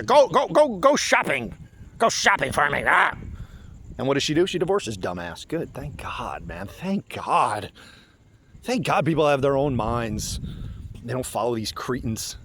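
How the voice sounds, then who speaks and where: A man's voice: medium pitch, slight background noise. A man giving casual, sarcastic commentary in a vlog. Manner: animated, sarcastic. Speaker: online commentator.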